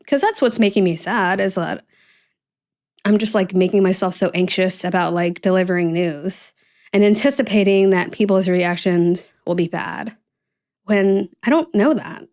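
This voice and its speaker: A woman's voice: mid-range voice, normal speed, darkish tone. Young female podcast host, casual confessional chat, loose and rambling, many fillers. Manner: candid, rambling, full of fillers.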